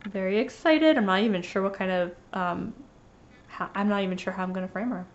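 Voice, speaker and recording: Briskly and in a medium-pitched voice, a woman vlogs a casual show-and-tell of her cross-stitch finishes, rambling with a slight lisp and many fillers and restarts. She's sniffly after sneezing, and the recording has its highs cut off.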